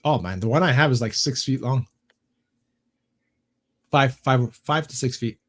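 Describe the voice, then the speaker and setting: A man hosting a casual podcast, telling stories in an animated way with lots of swearing and repetition. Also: mid-range voice, a little slow. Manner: animated storytelling, swearing, repeats himself. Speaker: podcast host. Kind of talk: casual chat.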